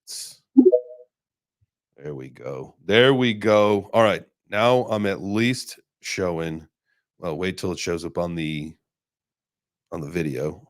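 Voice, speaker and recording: A man with a fairly low voice hosts a casual chat, rambling along loosely with plenty of fillers. The sound is close and dry, with no room around it. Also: takes it slowly, long pauses, no room sound. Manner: relaxed, rambling, many fillers. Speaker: host.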